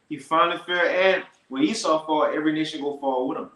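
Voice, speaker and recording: A man teaching scripture in a casual, slangy way, slowing down to read verses with emphasis. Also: a little high, a bit bright, roomy sound, poor audio. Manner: slow, emphatic scripture reading.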